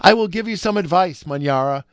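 A man's voice: high-pitched, lively intonation, brisk, clear, resonant tone, no room sound, voice pushed up. A mysterious old woman from a storybook, as a male reader voices her, solemn and full of warning. The voice sits raised and carries a bit of force, and it is recorded dry. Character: mysterious old woman giving stern advice.

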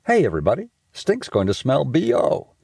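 A man's voice: medium pitch, wildly swooping pitch, moderate pace, creaky, darkish tone, husky, no room sound, studio quality, pitched above the performer's own voice, exaggerated voice. A man voicing a squeamish young boy who is nervous and fussy.

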